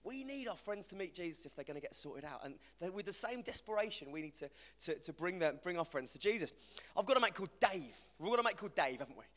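A man's voice: high voice, fairly bright tone. A man with a West Midlands accent giving a chatty, humorous evangelistic talk to a live audience, telling stories about a friend. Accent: West Midlands English. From West Midlands, England. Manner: chatty, storytelling, self-deprecating humour. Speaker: preacher. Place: large hall with an audience. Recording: hall reverb from a live event.

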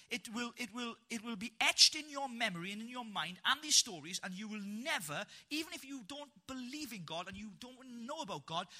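A Welsh man preaches his own testimony before a live audience. His voice sits high and rings very bright, and he tells it with animated, humorous energy. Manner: animated storyteller, punchy and humorous.

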